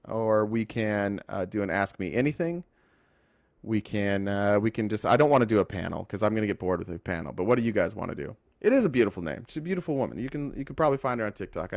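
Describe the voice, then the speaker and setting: ユタ州出身の男性が、ライブ配信の視聴者コメントに応えながら、脱線や言い直しを交えて政治の話を気ままに語っている。. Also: male voice, lowish voice, no echo, studio quality. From Utah. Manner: rambling, talks to chat, self-correcting. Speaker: livestream host. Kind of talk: casual political livestream chat.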